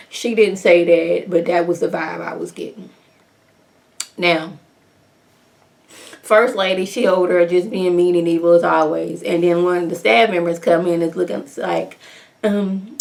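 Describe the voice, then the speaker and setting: A woman giving a casual, animated, exclamatory retelling of a TV episode as a recap vlogger. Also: fairly low pitch, normal speed, gravelly.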